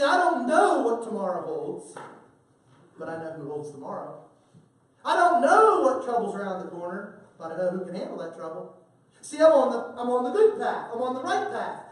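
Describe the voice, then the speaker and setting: A man preaching a sermon in a church, folksy and animated, with humorous asides and stories. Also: high-pitched. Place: church sanctuary. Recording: very echoey hall from far off.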